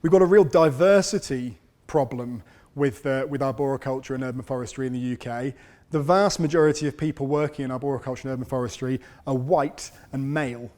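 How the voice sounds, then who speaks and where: A man giving a conversational conference talk, relaxed and self-deprecating, with dry humour. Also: mid-range voice, a little fast. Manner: relaxed, lots of fillers and repeats. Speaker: conference speaker on urban forestry. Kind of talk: conversational lecture.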